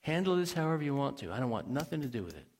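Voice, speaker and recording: A man's voice: medium pitch, very animated, racing, darkish tone, a little hiss or hum. A man putting on the voice of a defensive husband who brushes off the blame, scoffing and dismissive, within a sermon.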